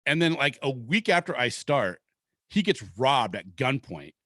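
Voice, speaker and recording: A man's voice: mid-range voice, sing-song, unhurried, fairly bright tone, no echo, clean studio sound. Laid-back man telling a rambling story. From Seattle, Washington. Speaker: podcast host. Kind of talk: casual storytelling chat.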